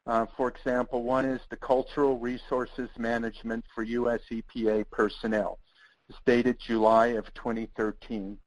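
A man presenting as a webinar instructor, speaking in a measured, earnest way with a dry wit. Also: mid-range voice, little pitch movement, rough recording.

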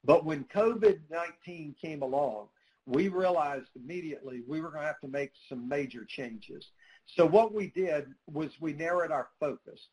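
A man's voice: fairly high pitch, darkish tone, rough recording. A man speaking for a nonprofit in a conversational interview, earnest and storytelling, with frequent "uh" fillers. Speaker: nonprofit spokesperson.

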